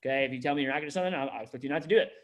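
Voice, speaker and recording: A district manager with a mid-range voice talks very fast through a loose onboarding session for his staff. His storytelling rambles, heavy with fillers and frequent restarts.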